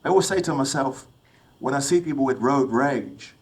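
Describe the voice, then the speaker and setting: A middle-aged man from England speaks to a room of young people, moving from one personal story to the next. His voice sits at an ordinary mid pitch, and he keeps turning to his listeners with questions. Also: moderate pace, low-quality recording. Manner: storytelling, asks the audience questions. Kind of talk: motivational talk with personal stories.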